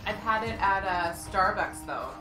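A woman's voice: medium pitch, expressive, unhurried. A Canadian woman chatting casually alongside a game stream, rambling a bit. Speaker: co-commentator. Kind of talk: casual chat. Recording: roomy recording with loud music.

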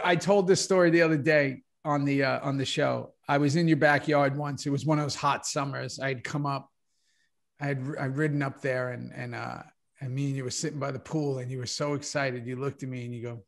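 A man in his forties, co-hosting a podcast over a video call in casual chat, telling animated stories and swearing freely. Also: medium pitch, a little fast, gravelly. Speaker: podcast co-host.

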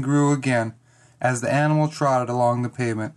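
A reader narrating a first-person children's chapter book, expressive and dramatic. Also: medium pitch, moderate pace. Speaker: audiobook reader.

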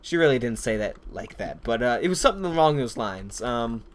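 A man's voice: mid-range voice, sing-song, a little fast. Rambling, foul-mouthed young man gaming. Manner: rambling, profane, off-topic storytelling. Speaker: gameplay commentator. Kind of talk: casual let's-play commentary.

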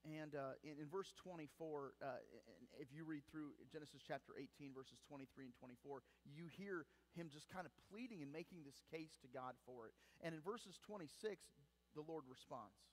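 Emphatic preacher in a reverberant hall. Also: male voice, fairly high pitch, normal speed. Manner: animated preaching with emphatic rises and sudden quiet drops. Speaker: pastor. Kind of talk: sermon. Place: church sanctuary.

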